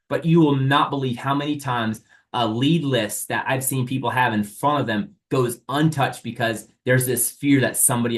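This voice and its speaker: An upbeat man leads a live online sales workshop and speaks straight to his trainees. He is animated, argues back against imagined objections and keeps pushing the audience forward. His voice sits in a middle pitch. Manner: asks rhetorical questions and plays both sides.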